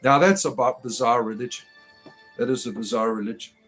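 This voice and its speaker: A man's voice: medium pitch, fairly quick, a bit bright. Man, livestream host, joking, rambling, filler words, faint background music. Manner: rambling, joking, reads viewer names aloud with filler ums. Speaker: livestream host reading chat comments. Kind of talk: casual livestream chat, satirical spiritual entertainer.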